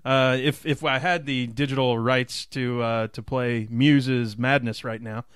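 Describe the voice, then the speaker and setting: A man's voice: medium pitch, fairly even intonation, a little slow, a bit bright, clean tone, no echo, clean studio sound. A man co-hosting a racing podcast, chatty and upbeat, laughing often. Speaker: podcast co-host. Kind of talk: casual chat.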